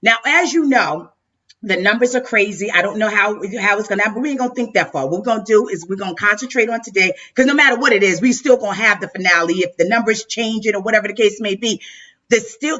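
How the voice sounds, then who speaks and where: Bright-voiced woman host on a dull video call. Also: medium pitch, quick pace. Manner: heartfelt, effusive, stumbling repetitions. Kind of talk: emotional live-stream tribute speech.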